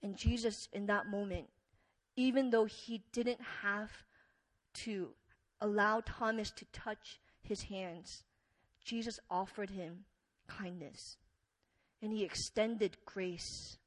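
Earnest, slow-speaking woman preacher. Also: mid-range voice, steady tone, low-quality recording. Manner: earnest, storytelling, filler-heavy with wide swings in loudness. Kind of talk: conversational sermon.

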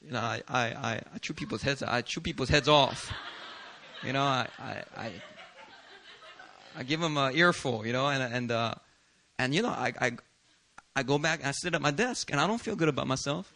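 A male pastor from Philadelphia preaching a sermon in an animated, self-deprecating way, often laughing. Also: medium pitch, moderate pace, long pauses, slight background noise.

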